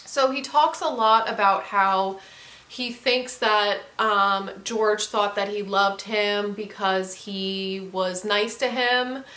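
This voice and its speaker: Bright, gushing woman in an echoey room. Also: medium pitch, fairly even intonation, slow. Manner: gushing and candid, swears freely. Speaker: book reviewer. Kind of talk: casual book review vlog.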